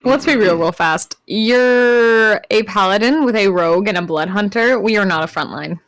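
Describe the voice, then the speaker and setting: A woman's voice: medium pitch, normal speed, a bit bright, dry recording. A woman playing a tabletop game, talking bluntly and teasing the others. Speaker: player.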